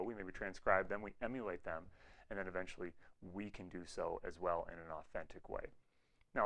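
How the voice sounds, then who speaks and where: A man's voice: fairly low pitch, fairly bright tone, rough recording. A man giving an online music lesson on swing, explaining patiently and scatting rhythm syllables to demonstrate. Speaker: music teacher.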